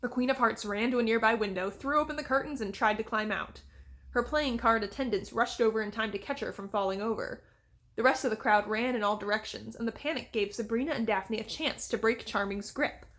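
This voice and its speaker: A woman reading a children's fantasy novel aloud in a steady, even storytelling manner. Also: a little high, fairly quick. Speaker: reader. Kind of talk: audiobook reading.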